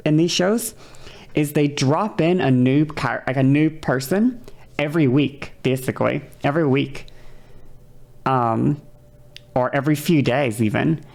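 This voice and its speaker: A woman streamer chatting casually while she reacts to a video, rambling and cutting herself off, and now and then acting out quoted lines in a higher voice. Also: vocal fry, darkish tone. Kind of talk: casual chat.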